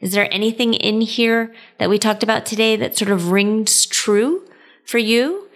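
A woman's voice: a little high, measured pace. A woman in her thirties hosting a podcast, telling personal stories in a chatty way and laughing often. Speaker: podcast host. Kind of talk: casual storytelling monologue.

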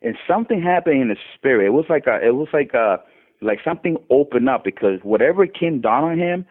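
A man's voice: medium pitch, brisk. A man casually telling a faith testimony, often restarting and lifting his voice when quoting others. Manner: animated retelling with many restarts, voice rising when quoting others. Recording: tinny phone-line sound.

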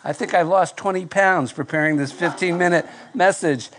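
A male pastor preaching to a live congregation, telling a self-deprecating story in a nasal, fairly monotone voice with halting restarts. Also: high-pitched, a little hiss or hum. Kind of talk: sermon with personal story. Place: church before live congregation.

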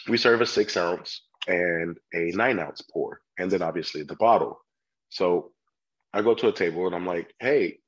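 Husky, low-voiced man telling stories. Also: lo-fi sound. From California. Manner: animated storyteller, acts out customers' voices. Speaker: sommelier guest. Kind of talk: casual chat.

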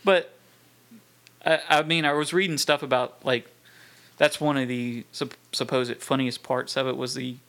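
A man in his twenties co-hosting a podcast in casual chat, talking haltingly with frequent laughs. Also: mid-range voice, fairly even intonation, a bit bright. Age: 20s. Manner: hesitant, halting, laughs often. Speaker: podcast co-host.

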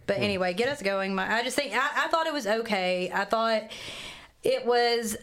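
A woman's voice: on the high side, normal speed, fairly bright tone. Chatty woman sharing movie opinions. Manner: chatty, hedging opinions with fillers. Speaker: podcast co-host. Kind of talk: casual podcast chat.

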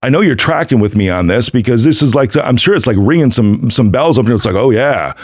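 A man's voice: medium pitch, lively intonation, fast, no room sound, studio quality. A man hosting his own podcast, talking casually and emphatically to listeners, repeating himself and checking in with "right?". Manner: emphatic, repetitive, conversational with frequent "right?". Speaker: podcast host. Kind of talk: casual solo podcast monologue.

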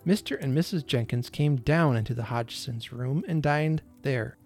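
A man narrating a classic holiday story in a gentle, expressive storytelling manner. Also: mid-range voice, moderate pace, faint music behind.

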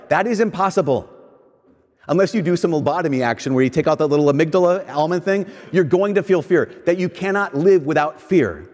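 A male pastor with a somewhat high voice preaches in a relaxed, conversational way. He slows down for emphasis and hurries through his asides. A long reverb hangs on every phrase, like a large hall. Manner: conversational preaching, shifts between slow emphatic lines and quick asides. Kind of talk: sermon.

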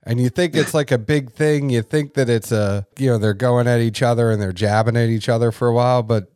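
A man's voice: medium pitch, steady tone, a little fast, a little mellow, no echo, studio quality. A man hosting an interview, chatty and full of enthusiastic asides. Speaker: interview host. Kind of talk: casual interview chat.

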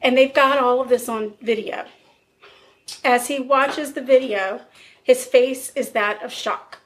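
A woman's voice: sits high, fairly even intonation, a little slow. A woman hosting a podcast, casually telling a true crime case in a blunt, chatty way. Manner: conversational, blunt, laughs often. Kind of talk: casual storytelling.

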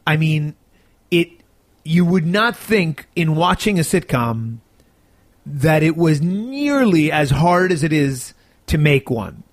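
A man with a slightly high voice talks animatedly about his work in an interview and sounds tired. The sound is dry and close, with no room echo. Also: slow. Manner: animated, chatty storyteller. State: tired, yawning. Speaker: actor and sitcom co-creator. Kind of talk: casual interview talk.

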